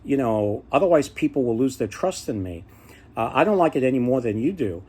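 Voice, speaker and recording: A man's voice: mid-range voice, sing-song, fairly quick, a little mellow, slightly rough. A man voicing a weary king who is bound by his word, talking in a pleading, apologetic way.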